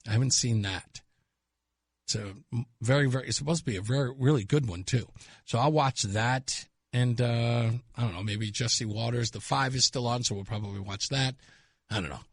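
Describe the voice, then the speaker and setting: A man hosting a radio talk show in casual, animated chat, laughing often and sometimes dropping into a low murmur. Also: gravelly, husky, no echo. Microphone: studio microphone.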